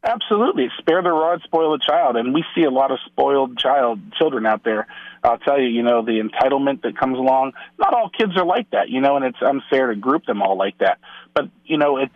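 A man's voice: mid-range voice, animated, fairly quick, dry recording, narrow, tinny audio. A middle-aged man, a guest on a Catholic radio show, talking casually and acting out quoted dialogue as he tells stories, with many restarts. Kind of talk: casual radio interview talk.

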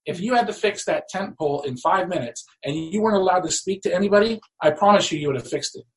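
A man telling stories as a guest author in a talk show, animated and acting out the people he quotes. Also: high-pitched, fast talker, rough recording. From United States. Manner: animated, acts out quoted voices.

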